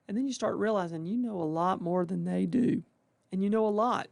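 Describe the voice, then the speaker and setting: Give me a faculty speaker welcoming new interns in a folksy, plainspoken way, mid-pitched and dry. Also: fairly quick, gravelly, a little mellow, no echo. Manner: folksy and conversational, with colloquial exclamations; acts out residents' inner thoughts.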